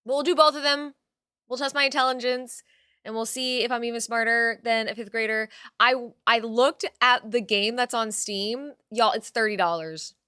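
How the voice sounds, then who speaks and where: A woman's voice: fairly high pitch, fairly even intonation, moderate pace, sharp tone, clean tone, no room sound, studio quality. A young adult woman chatting casually on a live stream, reading out her chat and swearing now and then.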